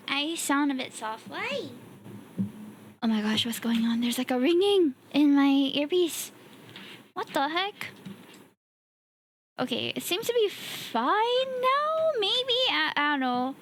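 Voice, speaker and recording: A woman's voice: high voice, very animated, takes it slowly, long pauses, a bit bright, a little hiss or hum. A young woman with a Singaporean English accent, chatting casually on her live stream as a VTuber, exclaiming often and laughing easily, a bit tired today.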